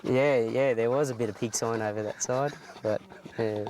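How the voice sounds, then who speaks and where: A man's voice: medium pitch, fairly even intonation, normal speed, darkish tone. A man guiding a hunt outdoors, chatting laconically with dry humour. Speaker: hunting guide. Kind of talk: casual chat outdoors. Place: outdoors in the bush.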